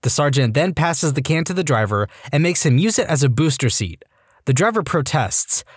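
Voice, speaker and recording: A man narrating online stories for a podcast in a lively, expressive storytelling delivery, close on a studio mic. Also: a little high, moderate pace, slightly rough, dry recording.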